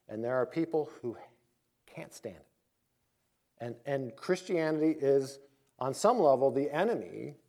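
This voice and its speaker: The man preaching has a fairly high, slightly mellow voice and keeps his sermon conversational. He recounts a personal story, voicing the people he quotes, then turns to scripture.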